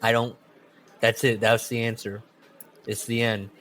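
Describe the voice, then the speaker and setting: Animated man reading and riffing. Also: a little slow. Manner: animated, jumps into loud high put-on voices when quoting. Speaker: podcast co-host. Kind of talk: casual chat, reading a book aloud.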